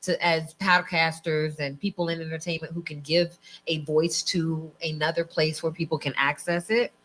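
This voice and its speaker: Woman with a lower voice, podcast co-host, animated, chatty storyteller. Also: moderate pace. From Las Vegas. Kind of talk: casual podcast chat.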